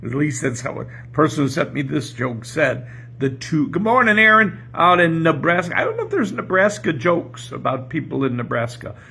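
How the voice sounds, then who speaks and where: Rambling older man with a gravelly voice. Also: medium pitch, very animated, moderate pace, a bit bright. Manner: rambling and chuckling. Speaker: pastor and podcast host. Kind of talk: casual morning chat and joke telling. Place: home porch.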